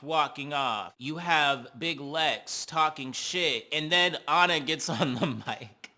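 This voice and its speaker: Sassy man with a very bright voice. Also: mid-range voice. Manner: sassy, animated, slangy. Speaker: reality TV recap host. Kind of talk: casual commentary.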